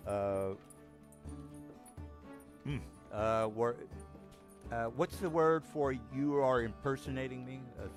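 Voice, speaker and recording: A man narrating a tabletop game as game master, halting with many ums and restarts. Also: medium pitch, over music.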